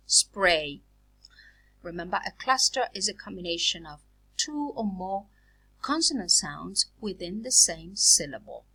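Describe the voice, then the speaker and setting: A woman delivers a phonetics lecture with a husky edge to her voice. She takes her time and repeats each example word deliberately. Her bright tone rises and falls in a lively way as she explains. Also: lowish voice, poor audio. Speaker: phonetics teacher. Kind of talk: recorded lecture.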